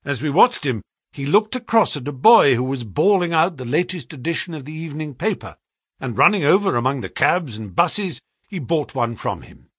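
A man narrating a story aloud in an expressive, measured way. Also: a little high, breathy edge, no echo, studio quality. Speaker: audiobook narrator.

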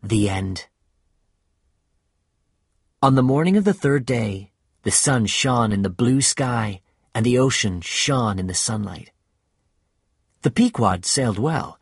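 A man narrating a storybook at an unhurried, measured pace. His husky voice sits close and dry to the mic, with no room around it. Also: mid-range voice, expressive, no room sound. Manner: slow, measured reading.

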